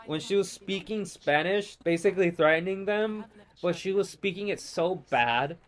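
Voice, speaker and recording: Over gameplay, a man with a fairly high voice vents in loose, profane, exasperated bursts at a moderate pace. He drifts casually from one complaint to another, unscripted, like a host chatting to his channel. The recording is very noisy.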